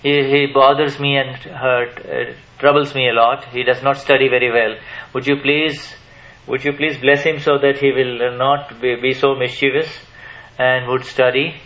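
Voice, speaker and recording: Man, spiritual teacher at a live Q&A, halting delivery full of restarts, dull lo-fi recording. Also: medium pitch, little pitch movement, a bit bright. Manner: hesitant, many restarts, asks the audience questions. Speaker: spiritual teacher answering questions. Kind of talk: spiritual Q&A talk to a live audience.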